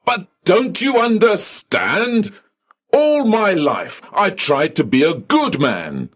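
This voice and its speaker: A man voicing an indignant newly dead man who shouts and pleads in outrage at heaven's reception desk. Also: high-pitched, big pitch swings, takes it slowly, slightly rough, pitched above the performer's own voice, full character voice. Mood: distraught.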